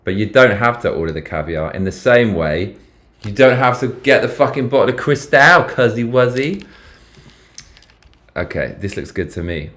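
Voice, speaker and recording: A British man hosts a casual live stream, talking in a fairly low voice. He swears freely and reacts out loud with big, lively swings in pitch. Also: moderate pace. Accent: British English. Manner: swearing, excitable, reacting aloud while reading.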